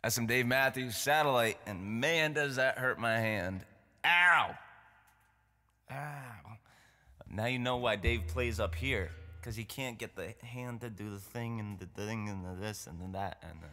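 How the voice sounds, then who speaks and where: A man's voice: mid-range voice, moderate pace, bright, forceful tone, long reverb tail. A man with a New York accent hosting a live concert from home, chatting casually and joking loosely between songs. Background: acoustic guitar playing.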